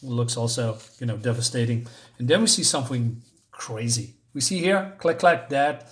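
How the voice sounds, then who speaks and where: A man casually reviewing a comic book, paging through it while pausing often to search for words. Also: mid-range voice, animated. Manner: halting, searches for words, many fillers.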